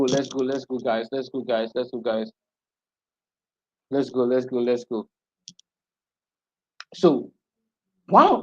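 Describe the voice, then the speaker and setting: A man's voice: mid-range voice, darkish tone. A man teaching a live-streamed class, repeating points and checking in with "okay?" after each one. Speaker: online marketing instructor. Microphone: streaming setup. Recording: dull lo-fi stream audio.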